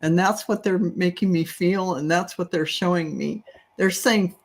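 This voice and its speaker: A woman speaking as a psychic medium, relaying spirit messages slowly and with care. Her voice has a gravelly, creaky edge, and she stays gentle and reassuring. She often pauses on soft fillers as she talks. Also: lowish voice, a little hiss or hum.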